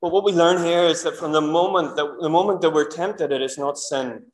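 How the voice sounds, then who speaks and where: A man's voice: a little high, a little fast. A man preaching a sermon in church, earnest and asking the congregation rhetorical questions. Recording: echoey church room.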